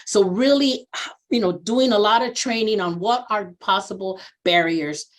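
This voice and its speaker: A woman in her sixties speaks as a guest in a conversational interview, a veteran social worker sharing her experience. She tells stories with lively expression, often slipping into the voices of people she quotes. On personal matters she becomes earnest and reflective. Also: unhurried. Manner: animated storyteller who acts out quoted voices with big pitch jumps.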